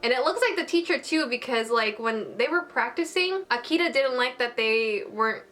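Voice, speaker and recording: A young woman reviewing an anime episode in casual, animated chat, swearing now and then. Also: a little high, normal speed, faint music behind.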